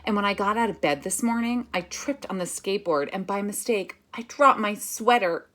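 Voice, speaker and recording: Reading a picture book to children, a music teacher speaks at normal speed in a medium-pitched voice. She chants the words rhythmically and steadily, walking the kids through instructions patiently, one step at a time.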